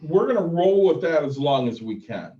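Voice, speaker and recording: A man's voice: on the high side, sing-song, normal speed, mellow. A male podcast co-host in casual chat, prompting and teasing his co-host. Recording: roomy, distant, dull sound.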